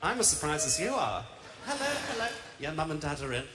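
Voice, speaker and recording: Camp stand-up with a Birmingham accent. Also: male voice, on the high side, very animated, fast talker. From England. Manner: camp, self-mocking, chatty. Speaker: stand-up comedian. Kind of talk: stand-up routine. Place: large theatre stage. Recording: live stage mic with heavy noise.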